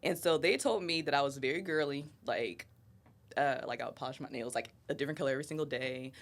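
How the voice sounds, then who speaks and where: A woman's voice: rumbling low, quick pace. A woman in her thirties with an Ohio accent, chatting casually as a podcast guest and laughing often. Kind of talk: casual chat.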